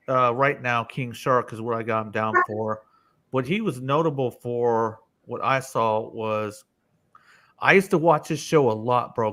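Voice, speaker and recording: A man's voice: mid-range voice, fairly bright tone. A man hosting a casual live-stream panel discussion, loose and swearing freely, calling on each panelist by name.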